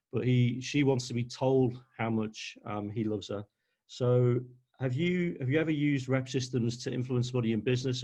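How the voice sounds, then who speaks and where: A man on a video call hosting a webinar in a relaxed way, laughing and reading out audience questions. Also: mid-range voice. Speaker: webinar host. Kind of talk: casual interview.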